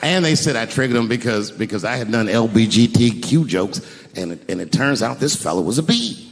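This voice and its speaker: A man's voice: medium pitch, a little fast, gravelly. A man performing a stand-up comedy set, telling stories animatedly and acting out voices on a large stage. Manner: animated storytelling, acts out voices. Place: large theater stage with audience. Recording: live hall with reverb and crowd noise. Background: audience laughter.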